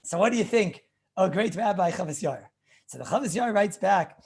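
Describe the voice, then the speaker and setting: Husky-voiced rabbi telling lively stories. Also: male voice, sits high, moderate pace. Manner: animated storyteller, repeats phrases, clears throat often. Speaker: rabbi teaching Jewish law. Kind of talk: informal Torah lecture with anecdotes.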